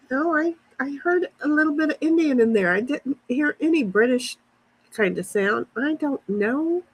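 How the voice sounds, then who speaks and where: In a high voice, a woman speaks unhurriedly with long pauses as she livestreams outdoors in a backyard. She chats casually with viewers, rambling as she answers comments on her phone. The recording is rough.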